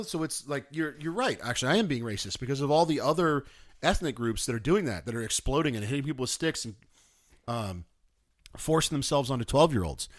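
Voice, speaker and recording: Speaking into a close studio mic in a dry recording, a podcast host in his thirties launches into a sarcastic, casual monologue rant. His volume swings from low mutters up to shouting.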